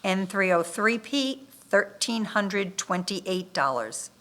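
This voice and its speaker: A woman reading bid amounts aloud at a town bid opening, listing item codes and dollar figures in a steady, methodical way. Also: medium pitch, slow. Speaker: municipal official reading bids. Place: town government meeting room.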